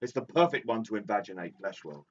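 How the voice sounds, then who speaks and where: Male co-host, lively and playful, distant dull mic. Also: fairly low pitch, fast talker. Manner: playful, jumps into sudden loud exclamations. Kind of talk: casual live-stream banter.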